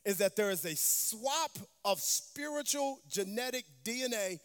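A woman's voice: a little high, animated, measured pace. A woman preaching a sermon, emphatic, calling out for responses from the congregation. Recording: long hall reverb.

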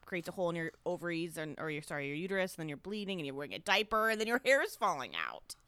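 A woman's voice: lowish voice, lively intonation, racing, a bit bright, clean tone, no room sound. A woman co-hosting a podcast in casual chat, giggly and chatty, often breaking off and restarting. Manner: chatty, giggly, self-interrupting. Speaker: podcast co-host.

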